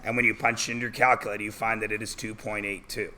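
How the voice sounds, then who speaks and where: A male math teacher leads an algebra review in a classroom, working each step slowly and throwing questions at his students. His voice is fairly low but bright, with faint room ambience behind it. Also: level tone, slight background noise. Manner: walks students through steps with questions.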